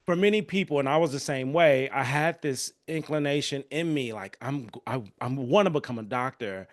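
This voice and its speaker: A man's voice: mid-range voice, moderate pace. A man hosting a podcast interview, enthusiastic and speaking straight to his listeners. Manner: enthusiastic, addresses listeners directly. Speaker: podcast host. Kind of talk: conversational interview.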